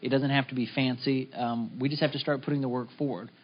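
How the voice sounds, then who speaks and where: A man's voice: mid-range voice, level tone, quick pace. Upbeat man giving a motivational talk. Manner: casual, upbeat, acts out little dialogues. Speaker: business team leader. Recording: slightly dull lo-fi recording.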